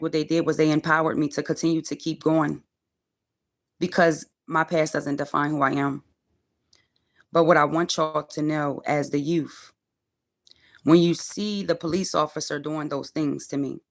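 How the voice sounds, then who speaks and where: A woman in her forties ranting on a livestream from her car, profane, defiant and preachy. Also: low-pitched. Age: 40s. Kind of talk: angry livestream rant.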